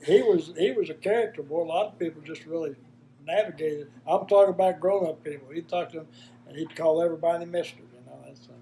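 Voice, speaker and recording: A man's voice: a little high, fast talker, warm tone, slight background noise, rough recording. Older man reminiscing folksy. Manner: folksy rambling with fillers. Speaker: father. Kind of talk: reminiscing storytelling.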